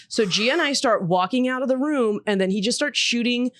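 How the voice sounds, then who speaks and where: A woman who is a podcast guest, telling stories in a fast, animated, profane way in casual chat. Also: on the high side.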